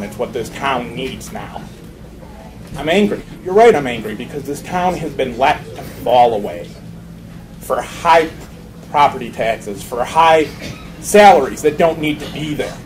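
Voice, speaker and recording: A man running for mayor, giving an impassioned, emphatic campaign speech. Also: fairly high pitch. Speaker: mayoral candidate. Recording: noisy room recording.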